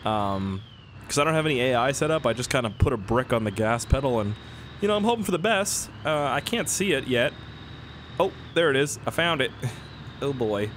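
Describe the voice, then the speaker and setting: Excitable young man with a cold. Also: medium pitch, fairly quick, a little hiss or hum. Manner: rambling, excitable, jokey. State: has a cold, coughing. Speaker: gaming video host. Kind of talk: casual gameplay commentary.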